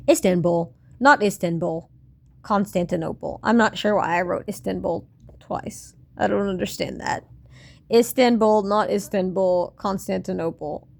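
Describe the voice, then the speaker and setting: A woman in her late twenties reads her old diary aloud and comments on it wryly and self-mockingly, swearing and laughing often. Her voice is medium-pitched, unhurried, and gravelly.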